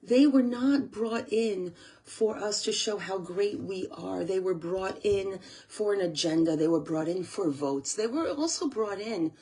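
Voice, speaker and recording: A woman's voice: medium pitch, lively intonation, measured pace, few pauses, mellow, slightly rough. A woman from the United States, a channel host, talking earnestly to camera, close to tears and repeating herself. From USA. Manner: earnest, tearful, repeats phrases. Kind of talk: emotional monologue to camera.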